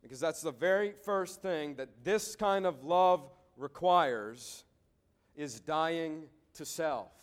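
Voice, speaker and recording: A man's voice: fairly high pitch, expressive, takes it slowly. A male pastor giving an earnest sermon to a congregation, often repeating words as he thinks aloud. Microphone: preaching to a congregation.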